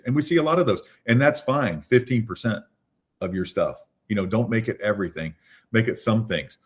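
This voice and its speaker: A man's voice: lowish voice, brisk. A man leading an online real estate training session, talking casually and often checking in with "right?". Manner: chatty, repeats "right?".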